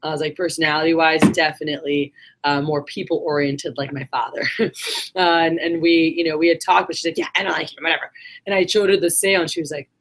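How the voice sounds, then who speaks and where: A woman's voice: deep voice, steady tone, fast talker, a little hiss or hum. A woman giving a casual, swearing motivational talk to her sales team, acting out the voices in her stories. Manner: casual storytelling, acts out quotes, swears.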